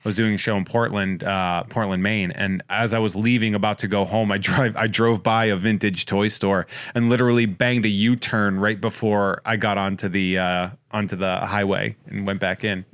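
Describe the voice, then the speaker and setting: A man in a mid-pitched voice trades jokes on a podcast and rattles off listener shout-outs. The sound is close and dry, with no room around it. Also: flat delivery, normal speed, few pauses, dry recording. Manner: jokey, rambling, reads listener shout-outs. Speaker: podcast host. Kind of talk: casual comedic podcast chat.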